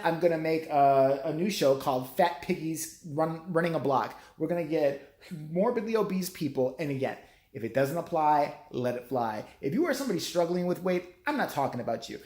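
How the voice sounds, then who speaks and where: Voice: medium pitch, a little mellow. Sarcastic middle-aged vlogger ranting. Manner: sarcastic, profane, rambling. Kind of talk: profane rant. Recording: roomy echo.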